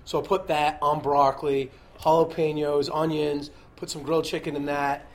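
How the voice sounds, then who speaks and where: A man's voice: fairly high pitch, little pitch movement, normal speed. A young man chatting casually as co-host, teasing and joking through his stories. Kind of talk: casual chat.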